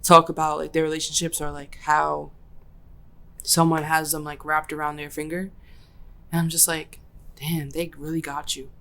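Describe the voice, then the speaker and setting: A woman's voice: deep voice, completely flat delivery, normal speed, gravelly, pauses often, sharp tone. A young woman hosting a podcast, telling a story in casual slangy chat and acting out her own quotes. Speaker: podcast host.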